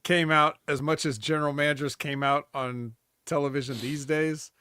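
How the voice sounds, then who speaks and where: A man's voice: a little high, steady tone, normal speed, bright, forceful tone, smooth, no echo. A man co-hosting a casual wrestling podcast, adding dry, wry remarks. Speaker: podcast co-host.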